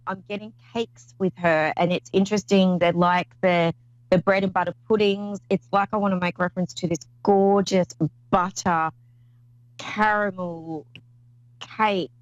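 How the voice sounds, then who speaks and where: A woman's voice: medium pitch, steady tone, measured pace, dry recording, highs cut off. A woman hosting a call-in psychic reading show, talking in an effusive, rambling way with many restarts. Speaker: psychic medium host.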